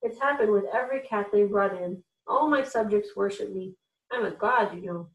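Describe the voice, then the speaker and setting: A woman's voice: medium pitch, moderate pace, distant mic, muffled recording, close to an everyday voice. A proud, moody pharaoh speaks in a grand, commanding way that slides into weary wistfulness, as a woman reading a storybook puts him on. The room rings with echo. The voice sits back from the microphone. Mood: wistful. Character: moody, grand ancient Egyptian pharaoh, man. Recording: echoey room, voice off-mic.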